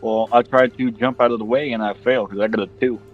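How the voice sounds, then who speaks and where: A man's voice: mid-range voice, steady tone, fast, narrow, tinny audio, faint music behind. A man playing a tabletop game, talking in a laid-back, casual way. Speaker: player.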